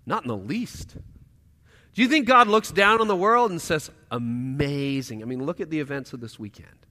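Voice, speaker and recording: Guy preaching, high bright voice, goes loud then real quiet, long hall echo. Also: very animated, brisk. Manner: swings from loud emphatic lines to hushed quiet asides. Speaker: pastor. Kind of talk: sermon.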